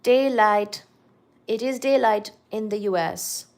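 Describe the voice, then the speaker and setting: A woman's voice: medium pitch, slow pace, vocal fry, darkish tone. A woman from India with an Indian accent, hosting a casual livestream and chatting with viewers as she answers their comments. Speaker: livestream host.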